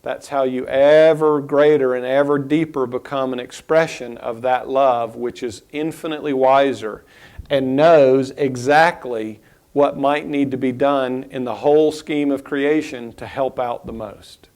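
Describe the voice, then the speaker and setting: Male spiritual teacher, mid-range voice, thoughtful and unhurried, halting restarts. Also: mid-range voice, steady tone, a little mellow. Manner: reflective, unhurried, with pauses and restarts.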